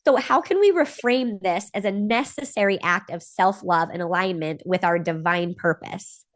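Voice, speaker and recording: A woman's voice: mid-range voice, moderate pace. Enthusiastic woman podcast host. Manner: enthusiastic, laughs easily, uses "like" a lot. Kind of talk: casual podcast chat.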